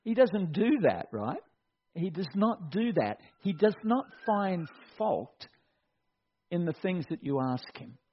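A middle-aged man preaching a sermon, animated and acting out quotes in mock voices. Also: high voice, takes it slowly, slight background noise. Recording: dull lo-fi recording.

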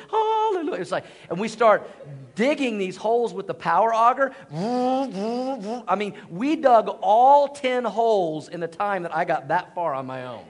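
High-voiced pastor telling a story. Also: male voice. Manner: animated storytelling with self-deprecating humor; calls for congregation responses. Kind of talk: sermon.

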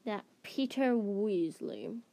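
A sneering, smug teenage schoolboy who drawls each word slowly and with contempt, as a woman reading aloud puts him on. He is a storybook bully, lazy and scornful. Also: medium pitch, animated, warm tone. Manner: slow drawl.

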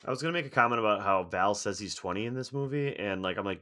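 Deep-voiced rambling man. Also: expressive, fast talker, sharp tone. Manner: rambling, laughs mid-sentence. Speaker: podcast co-host. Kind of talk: casual movie discussion.

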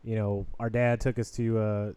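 A man's voice: lowish voice, level tone, moderate pace, dark tone, smooth. A man hosting a podcast in casual chat, upbeat and jokey, often cutting himself off mid-sentence. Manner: upbeat, jokey, self-interrupting. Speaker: podcast host.

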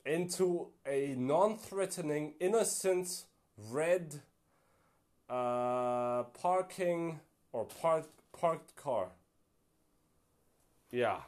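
Slow, rambling young man. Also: on the high side, darkish tone. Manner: rambling, self-deprecating, many fillers. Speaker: podcast host. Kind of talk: casual solo podcast monologue.

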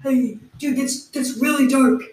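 A woman co-hosting an improvised comedy podcast, with halting, matter-of-fact explanations. Her voice is fairly high but mellow and very flat in pitch. She sounds roomy and distant from the mic. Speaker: podcast co-host.

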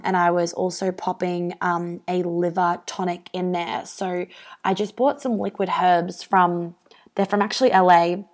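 A young woman hosting a podcast, talking casually and candidly, swearing freely with lots of "um" and "like". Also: fairly low pitch. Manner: chatty, swears freely, many fillers. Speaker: wellness podcast host.

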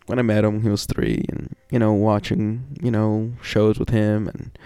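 A man with a low, gravelly voice talks slowly through a casual personal monologue. He rambles, fills gaps with "you know" and swears often. The sound is dry and close. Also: little pitch movement, dark tone, no echo. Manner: reflective, wry, sighs and laughs between thoughts.

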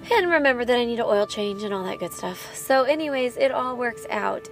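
A woman in her thirties hosting her own podcast as a parent of a child with medical needs, talking candidly and laughing at herself. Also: mid-range voice. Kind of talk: personal podcast monologue.

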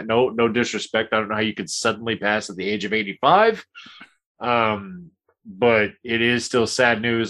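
A man's voice: fairly low pitch, fairly bright tone. A man co-hosting a casual podcast, talking in a rambling way with restarts and frequent laughs. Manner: rambling, self-correcting, laughs often. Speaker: podcast co-host.

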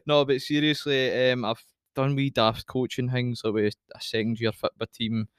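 A young Scottish man co-hosts a podcast in a loose, rambling chat, often breaking into laughter. His voice is smooth and clear. The recording is dry and close, with no room sound. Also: medium pitch, flat delivery, normal speed, no echo. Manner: chatty, laughs a lot, rambling. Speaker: podcast co-host. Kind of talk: casual chat.

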